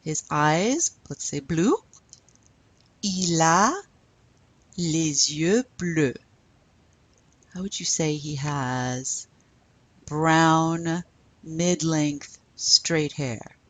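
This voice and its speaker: A woman's voice: deep voice, extremely slow, long pauses, a bit bright, no room sound. A woman teaching a French lesson, patiently asking questions and then modeling the answers. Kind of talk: recorded classroom lesson.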